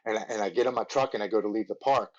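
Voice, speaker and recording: A man in his forties recounts his past as a podcast guest. He speaks earnestly and haltingly, often restarting his sentences. His voice sits fairly low, and the recording sounds somewhat dull and lo-fi. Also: a little mellow. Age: 40s. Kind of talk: telling his recovery story.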